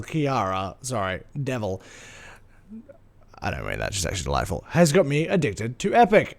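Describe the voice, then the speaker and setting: A man's voice: mid-range voice, sing-song, normal speed, creaky. A man streaming a game live, chatting playfully with viewers in a rambling, sing-songy way. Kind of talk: casual live-stream chat.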